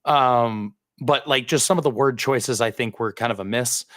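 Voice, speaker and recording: A man co-hosting a comic book podcast over an online call, talking in a measured, hedging way. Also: medium pitch, a bit bright, no echo. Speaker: podcast co-host. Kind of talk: casual comic book discussion. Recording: dry online call audio.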